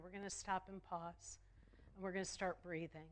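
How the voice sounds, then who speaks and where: A woman minister delivering a sermon, slow and emphatic, repeating phrases for effect. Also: lowish voice, little pitch movement.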